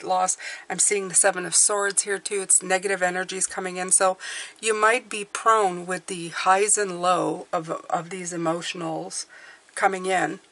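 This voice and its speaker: A woman's voice: lowish voice, fairly bright tone. Chatty woman giving a tarot reading. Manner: reassuring, chatty, many fillers and restarts. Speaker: tarot reader. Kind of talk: casual spoken tarot reading.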